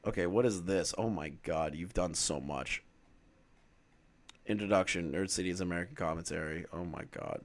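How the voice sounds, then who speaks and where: A man commenting casually on a live stream, swearing often, reading documents aloud and breaking into loud exclamations. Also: low voice, expressive, normal speed, no room sound.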